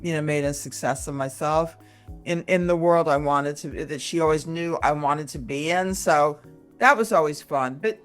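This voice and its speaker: A woman in her sixties, from Michigan, talking as a comedian guest in a casual interview, animated and full of quick asides and restarts. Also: deep voice, faint music behind. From Michigan, USA. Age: 60s.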